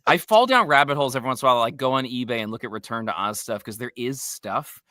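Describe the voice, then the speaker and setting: A man's voice: mid-range voice, fast talker, crowd noise. A man from New Jersey, co-hosting a casual chat and telling rambling, anecdotal stories. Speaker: co-host.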